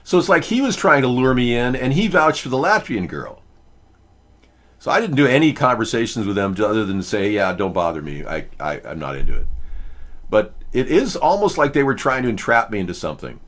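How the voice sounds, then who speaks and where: A man's voice: mid-range voice, very animated, fairly quick, fairly bright tone. A man hosting a live video chat show, rambling casually with many fillers and restarts. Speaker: host.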